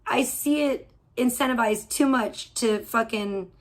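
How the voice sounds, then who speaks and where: A woman with a somewhat high voice rants on her livestream from home. She talks in a heated, profane, rambling way, often breaking off and restarting her sentences. Her swearing is blunt and constant. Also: measured pace. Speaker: livestream host. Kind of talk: audio-only livestream rant.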